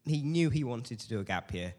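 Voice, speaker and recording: A man's voice: mid-range voice, animated, fairly quick, a little mellow, long reverb tail. A man in his late teens with a cold, giving a hesitant, self-deprecating personal testimony to a church group. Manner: nervous, self-deprecating, hesitant with many fillers. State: has a cold.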